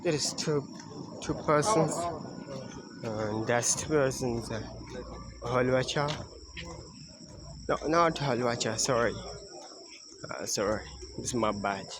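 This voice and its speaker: A man speaks slowly into a phone held at arm's length as he walks along a road at night. His English is halting and non-native, full of pauses and restarts. Loud crickets and passing traffic fill the recording. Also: mid-range voice. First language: not English. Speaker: English learner vlogging. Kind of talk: casual walking vlog. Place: outdoors at night along a roadside. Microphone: phone camera at arm's length. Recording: loud street and insect noise.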